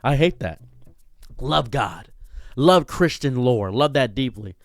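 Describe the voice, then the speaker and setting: A man streamer delivering a sarcastic comedic rant in a mock-macho manner, swinging between booming lines and muttered asides. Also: expressive, takes it slowly, no echo, clean studio sound. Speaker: streamer and commentator.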